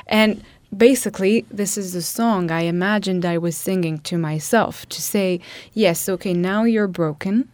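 A woman hosting a podcast, talking casually and reflectively, pausing often with fillers as she thinks aloud. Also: mid-range voice, a little mellow, dry recording. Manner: halting, thoughtful, many fillers. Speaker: podcast co-host.

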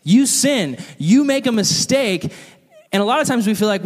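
A man preaching a sermon in a church hall with animated, comic storytelling. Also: high voice, moderate pace. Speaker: pastor. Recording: long hall reverb.

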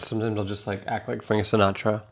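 A man's voice: on the low side, level tone, quick pace, fairly bright tone. A man doing rambling, profane stand-up comedy, telling self-mocking stories.

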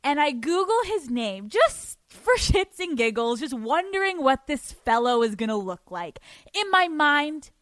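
A woman's voice: sits high, very animated, measured pace, a bit bright, no echo. A young woman hosting a podcast, telling a story in a giddy, profane way and laughing often. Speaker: podcast host. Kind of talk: casual storytelling monologue.

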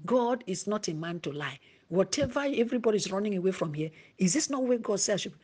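A woman preaching a sermon, dropping to a hushed whisper at times and rising to emphasis. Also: mid-range voice, expressive, fast talker, breathy edge.

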